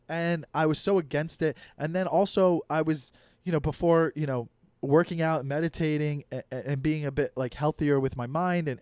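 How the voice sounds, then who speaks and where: Swearing, animated young male comedian. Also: on the high side, dry recording. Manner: profane, animated, acts out quoted voices. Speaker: podcast host and comedian. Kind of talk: solo comedic podcast rant.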